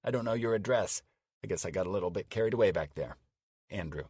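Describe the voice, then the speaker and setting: An actor playing a man in his forties who flirts by email, read warmly and playfully as an audiobook drama. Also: fairly low pitch, fast talker, breathy edge, dry recording, studio quality. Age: 40s.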